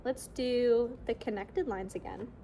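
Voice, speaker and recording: Young woman, kids' music teacher, unhurried and upbeat, slow deliberate pace. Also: on the high side, background noise. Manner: cheerful, slow and clear, repeats rhythm syllables for kids to echo. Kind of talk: classroom lesson video for children.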